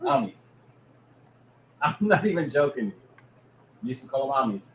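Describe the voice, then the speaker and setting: A man's voice: mid-range voice, sing-song, normal speed. A man from Germany co-hosting a casual chat, joking and teasing with some swearing. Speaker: podcast co-host. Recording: echoey room with background noise.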